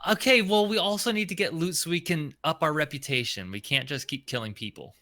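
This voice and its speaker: A man's voice: a little high, a little fast, sharp tone. A man co-hosting a casual gaming podcast, easygoing and laughing along, with lots of hesitant fillers. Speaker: podcast co-host.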